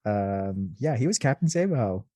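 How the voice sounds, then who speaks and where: A man's voice: lowish voice, lively intonation, normal speed, warm tone, dry recording, studio quality. A man co-hosting a podcast, chatting casually about a reality show with wry quips and laughter. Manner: wry, laughs at his own jokes. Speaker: podcast co-host. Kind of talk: casual reality-TV recap chat.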